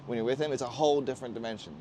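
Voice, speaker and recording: A man hosting a casual chat, talking animatedly and acting out others with loud exclamations. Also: mid-range voice, racing. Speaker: podcast host. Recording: outdoor rooftop with faint background noise.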